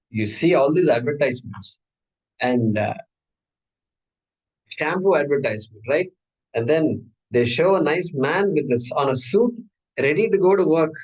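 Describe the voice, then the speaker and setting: A man leads a scripture class, speaking in a somewhat high voice. He explains things casually and keeps putting questions to his listeners. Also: husky, low-quality recording. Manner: conversational teaching, asks the class questions. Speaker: Vedanta teacher.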